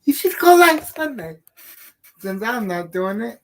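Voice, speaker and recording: Slow-talking woman, high voice. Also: sing-song. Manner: blunt and sweary, laughs often. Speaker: live stream co-host. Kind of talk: casual stream chat.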